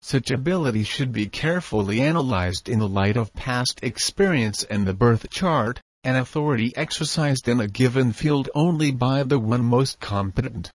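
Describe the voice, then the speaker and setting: A man reads formal nonfiction aloud at a measured, even pace. His voice sits in an ordinary middle pitch. The recording is dry, with no room sound around him. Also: no echo. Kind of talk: reading a nonfiction text aloud.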